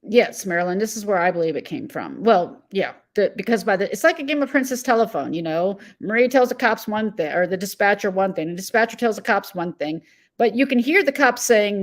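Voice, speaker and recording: A woman hosting a live stream in casual commentary mode. She sounds agitated and blunt, drifting and rambling with fillers and restarts as she reacts to viewer messages. Her voice sits at an ordinary middle pitch. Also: animated, brisk. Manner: rambling with fillers and self-corrections.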